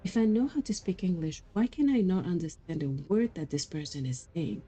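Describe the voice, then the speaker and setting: Chatty woman streamer with a mellow voice. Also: fairly low pitch, expressive, brisk, breathy edge, low-quality recording. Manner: chatty, laughs often, rambling anecdotes. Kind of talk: casual gameplay chat.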